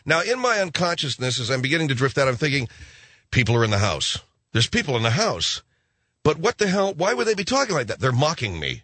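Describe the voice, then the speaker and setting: A man's voice: on the high side, quick pace, no echo. A middle-aged man hosting a late-night radio show, telling a rambling story with lots of asides. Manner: animated storytelling, acts out voices, rambling asides. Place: radio studio. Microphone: studio microphone.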